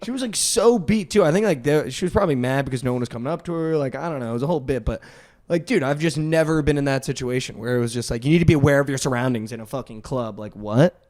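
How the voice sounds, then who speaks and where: Rambling young man, a bit high-voiced. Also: expressive. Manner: rambling, heavy use of "like", quick swings in loudness. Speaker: podcast host. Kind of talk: casual storytelling chat.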